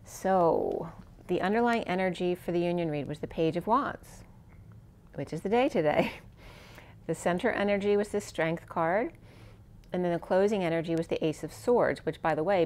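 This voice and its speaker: A woman giving a spiritual tarot card reading, talking in a soft, meandering way with phrases that trail off, and saying she is losing her voice. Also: lowish voice, normal speed. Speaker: tarot reader.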